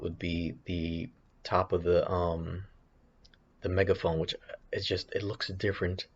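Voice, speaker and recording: A man's voice: deep voice, dull audio, slight background noise. A man thinking aloud while commenting on his trading charts, hesitant and rambling with frequent restarts. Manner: hesitant, rambling, many restarts and self-corrections. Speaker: options trader streaming his chart analysis.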